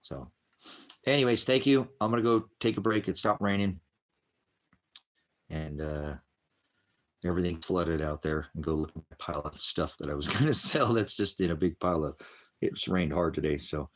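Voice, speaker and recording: A middle-aged man rambling on a live stream, frustrated and profane, swinging from angry outbursts to low, weary muttering. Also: moderate pace, long pauses.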